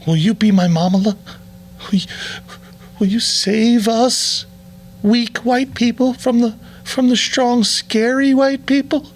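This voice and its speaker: A man voicing a pleading, submissive woman in a high, mocking falsetto. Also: fairly even intonation, a little slow, slight background noise.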